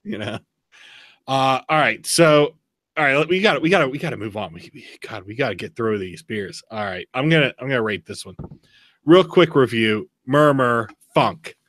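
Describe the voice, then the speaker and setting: A bright, forceful male voice in casual podcast chat. He tells stories with animated energy and laughs easily. The sound is dry and close. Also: mid-range voice, dry recording. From Pennsylvania. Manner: animated storyteller, quick laughs. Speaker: podcast host.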